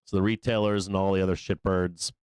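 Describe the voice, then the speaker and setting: Male trading-show host, low and smooth-voiced, profane and excitable, dry close recording. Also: fast talker, no room sound. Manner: profane, excitable, loose trader talk. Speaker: stock market show host. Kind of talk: live trading commentary.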